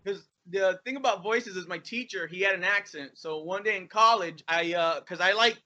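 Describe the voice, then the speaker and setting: A man's voice: high-pitched, normal speed, bright, forceful tone. A man chatting on a podcast over a voice call, rambling and hesitant, with lots of fillers. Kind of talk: casual podcast chat. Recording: dull lo-fi voice call audio.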